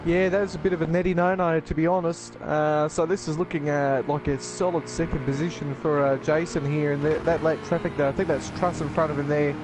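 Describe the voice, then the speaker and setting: A man as co-commentator on a sim race, talking casually with many pauses and fillers. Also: on the high side, steady tone, music in the background. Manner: casual, hesitant, full of fillers. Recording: noticeable background noise.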